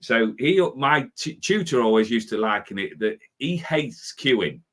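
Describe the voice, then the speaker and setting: A man in his fifties gives a motivational talk as a spiritual life coach. His voice is bright and forward, and he breaks into impatient inner monologues as he talks. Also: mid-range voice, unhurried. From Britain. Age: 50s. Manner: animated, acts out his own impatient inner voice.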